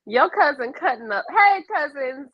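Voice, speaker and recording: A woman co-hosting a casual podcast, dropping teasing interjections and laughing loudly. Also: high voice, sing-song, a little slow, dull audio. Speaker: podcast co-host. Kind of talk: casual chat.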